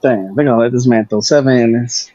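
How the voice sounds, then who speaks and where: A man co-hosting a casual stream who reacts loudly and laughs a lot. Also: medium pitch, a little fast, dry recording. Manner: loud, excitable, laughing reactions. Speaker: co-host. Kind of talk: casual chat. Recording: dull lo-fi dry audio.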